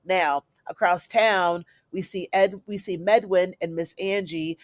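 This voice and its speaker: A woman's voice: lowish voice, steady tone, a little slow, no room sound. A woman giving a chatty, casual recap of a TV episode, calling her viewers y'all and honey. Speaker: TV recap reviewer.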